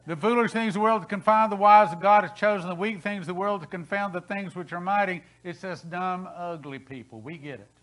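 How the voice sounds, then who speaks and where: A man in his sixties preaches with a bright, forceful edge to a voice that sits a touch high for a man. He swings from hushed asides to loud, rising declarations as he drives each point home. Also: brisk, hardly any pauses, poor audio. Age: 60s. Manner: dramatic preaching, voice rising and falling sharply. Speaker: pastor. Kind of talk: sermon. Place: church sanctuary.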